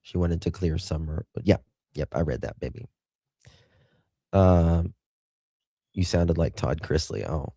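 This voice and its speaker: Man, Southern accent, middle-aged, livestream chat, mellow voice, chatty and affectionate. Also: deep voice, a little slow, creaky, long pauses, no echo. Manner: chatty, reads viewers' chat aloud with endearments. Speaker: livestream host.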